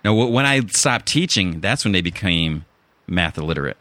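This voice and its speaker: A man's voice: low voice, animated, moderate pace, sharp tone. A man with a Chicago accent, hosting a casual podcast chat and rambling through restarts and fillers. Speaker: podcast host.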